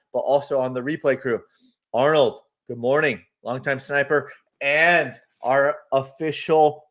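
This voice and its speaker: A man hosting a live market stream, chatting casually, greeting viewers by name and talking through charts as he goes. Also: medium pitch. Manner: laughs easily, loose and talkative. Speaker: host of a live trading stream.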